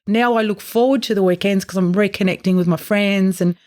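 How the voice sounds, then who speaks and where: A woman's voice: medium pitch, fairly even intonation, brisk, a little mellow. An Australian woman, an irrigation farmer, talking openly and emotionally in a casual interview. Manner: open, emotional, chatty storytelling.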